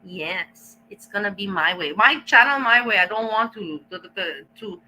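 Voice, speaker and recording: A woman's voice: medium pitch, expressive, bright, forceful tone, poor audio. A woman vlogger ranting to her camera, blunt and defiant, cursing often and stalling as she hunts for words. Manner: halting, searches for words. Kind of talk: casual rant to camera.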